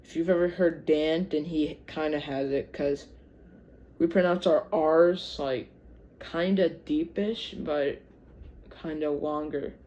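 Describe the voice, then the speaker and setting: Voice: mid-range voice, steady tone, slow pace, mellow. A speaker from Michigan with a Michigan accent, reading history aloud and breaking off into chatty asides, often stumbling over words. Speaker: channel host.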